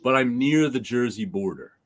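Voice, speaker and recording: A man's voice: mid-range voice, moderate pace. A man with a New York area accent chatting casually on a video call, telling stories and laughing often. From Rockland County, New York. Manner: animated storyteller, laughs often. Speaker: stream guest. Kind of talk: casual chat.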